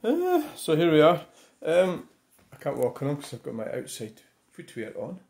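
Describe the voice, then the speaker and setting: A man's voice: on the high side, wildly swooping pitch, normal speed, a little mellow. An older man with a Scottish accent giving a casual, rambling channel update, muttering and swearing bluntly.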